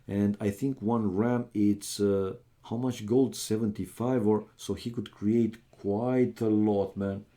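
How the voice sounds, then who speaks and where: Slow and mellow, with a low, steady voice, a Romanian streamer casts a strategy game match. He chats easily, addresses viewers directly as "man", and blends casual talk with commentary.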